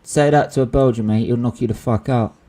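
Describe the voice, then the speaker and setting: A young man with a medium-pitched, fairly quick voice hosts a casual live football watchalong. He's excitable, swears freely and keeps calling his friend "bruv" as they react to the match.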